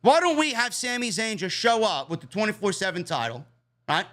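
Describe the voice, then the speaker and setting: A man tears through a wrestling show review in a blunt, exasperated rant full of swearing. His voice sits high and bright. His pitch leaps all over the place as he argues his points. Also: very animated, brisk.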